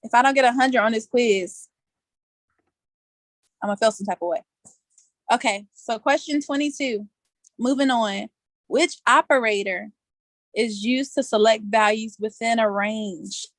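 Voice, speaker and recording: Running a laid-back live quiz online, this woman speaks over a video call from outside in a fairly high, unhurried voice with long pauses, and the recording is dry. Her manner is playful and talkative, full of laughter and casual slang.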